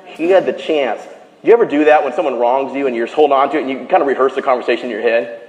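A man's voice: mid-range voice, fast. Preaching man in an echoey hall. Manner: animated storytelling, drops to a hush for quoted lines. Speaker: pastor. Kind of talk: sermon.

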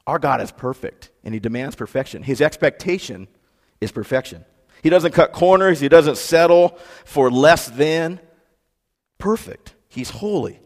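A man preaching a sermon in a relaxed, conversational way, with fillers and emphatic repetition. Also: a little high, a little slow, long pauses. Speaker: pastor. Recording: long hall reverb.

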